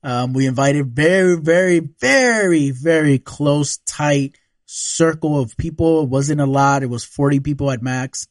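A man's voice: fairly high pitch, measured pace, no room sound, clean studio sound. A man telling a personal story in casual chat. He swears a lot and laughs often. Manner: relaxed, profane, laughs often.

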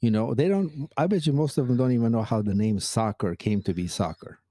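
Brisk and dark-toned at medium pitch, a male podcast co-host chats casually, tells stories and laughs frequently. The studio recording is clean, with no room sound.

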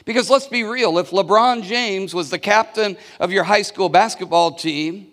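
Here a man preaches as pastor in a church hall, his voice high and a bit bright, moving at an ordinary pace. He tells a story, invites the congregation to respond, and frequently repeats or restarts his words, all under a long, large-hall reverb.

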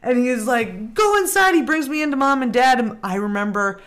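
A woman hosting a podcast who tells a story in a casual, animated way and acts out what other people said. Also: a little high, a little fast. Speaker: podcast host.

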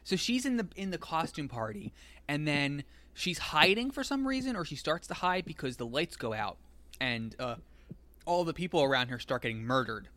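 A man's voice: fairly high pitch, very animated, normal speed, pushed and bright, dry recording. A man in casual chat, recapping a film in a rambling way, laughing often and acting out quoted lines.

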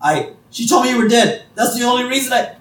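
A man's voice: very high-pitched, expressive, fast talker, a bit bright, pitched above the performer's own voice. A man voicing a panicky middle-aged male bartender who stammers frantically. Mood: panicked. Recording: roomy, distant mic.

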